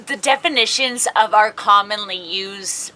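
A woman's voice: mid-range voice, measured pace, noisy background. A woman co-hosting a casual podcast, talking bluntly and crudely and giggling often. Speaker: podcast co-host. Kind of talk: casual chat.

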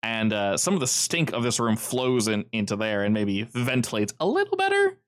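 A man's voice: mid-range voice, huge pitch swings, moderate pace. A man running a tabletop game as game master, narrating in a rambling, easygoing way full of fillers.

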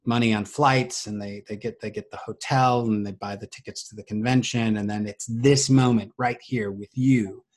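Man, middle-aged, voice actor guest, casual storytelling, animated. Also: fairly low pitch, normal speed, hardly any pauses. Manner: animated, acts out quoted voices.

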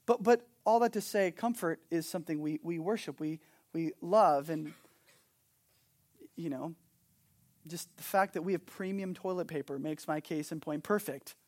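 A man preaching a sermon as pastor, swinging from animated storytelling to hushed, earnest points. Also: on the high side, normal speed. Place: Hawaii.

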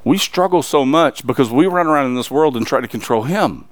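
A man's voice: medium pitch, lively intonation, brisk, hardly any pauses, no room sound. A man preaching a sermon, emphatic and pressing the congregation with rhetorical questions.

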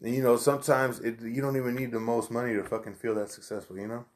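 A man's voice: mid-range voice, level tone, fast. A man in casual chat, laid-back and loose, swearing freely and filling his talk with "you know" and "like".

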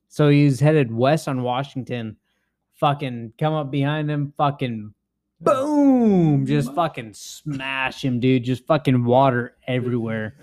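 A man's voice: mid-range voice, steady tone, unhurried, darkish tone, no echo. A young man hosting a podcast, telling a rambling, profane story with frequent laughs. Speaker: podcast host. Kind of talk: casual storytelling chat.

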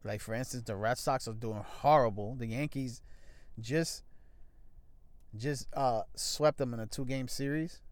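A man's voice: medium pitch, unhurried, no echo. A young man in a casual sports talk show, blunt and profane, rambling with restarts and slang. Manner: frequent restarts and fillers, loose slangy grammar.

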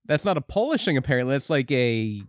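A man's voice: mid-range voice, sing-song, fast, no room sound, studio quality. An easygoing man in casual podcast chat, chatty and joking.

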